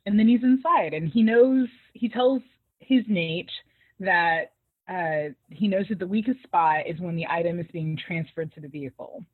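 A woman's voice: lowish voice, normal speed, slightly rough. A woman co-hosting a casual recap chat, talkative and laughing often, acting out quoted lines. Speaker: podcast co-host recapping a TV episode. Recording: tinny phone-like sound.

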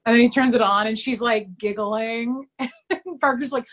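A woman in casual podcast chat, retelling scenes with lots of fillers and quick quoted voices. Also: fairly high pitch, fairly even intonation, poor audio. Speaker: podcast co-host recapping a TV episode.

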